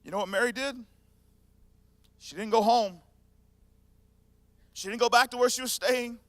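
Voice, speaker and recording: A man preaching a sermon, retelling scripture in an animated, conversational storytelling manner. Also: very high-pitched, normal speed, no echo. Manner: animated storytelling, acting out scenes. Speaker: pastor.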